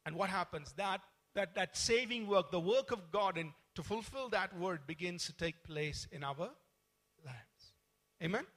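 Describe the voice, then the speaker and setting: A man's voice: sits high, measured pace. A man preaching a Sunday sermon as pastor, explaining scripture and leading his congregation in a spoken declaration. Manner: teaching calmly, then leading a loud congregational declaration.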